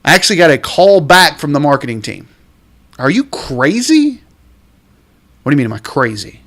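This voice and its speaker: A man hosting a real estate podcast, ranting in an exasperated, emphatic way and drawing out the words he wants to stress. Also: on the high side. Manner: lively, drawn-out stresses on key words. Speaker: realtor and podcast host. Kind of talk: podcast rant.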